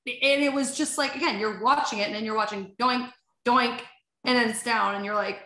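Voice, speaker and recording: A woman's voice: a little high, steady tone, brisk, bright, forceful tone. A woman guesting on a podcast, telling stories animatedly with lots of fillers and acted-out quotes. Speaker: podcast guest, sports agency head. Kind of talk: casual chat. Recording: roomy echo.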